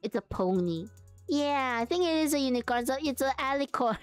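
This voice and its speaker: A woman's voice: high voice, expressive, a little fast, dry recording, soft background music. A young woman streaming live, chatting casually and thinking aloud with giggles as she works on a craft.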